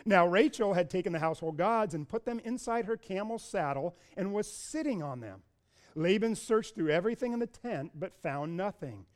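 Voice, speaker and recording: A man preaching a sermon, retelling a scripture story with lively asides and acting out the people's voices. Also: high-pitched, normal speed. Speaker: pastor.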